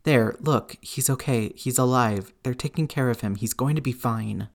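A man voicing an anxious, excitable teenage boy who rambles shakily. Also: medium pitch, gravelly, close to an everyday voice. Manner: shaky, rushed, rambling.

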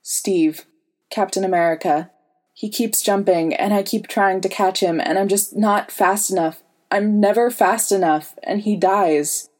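A woman reading the part of a weary man haunted by nightmares, who speaks hoarsely, slowly and quietly. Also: mid-range voice, lightly acted. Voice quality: hoarse, soft-spoken. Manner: quiet, slow, downcast.

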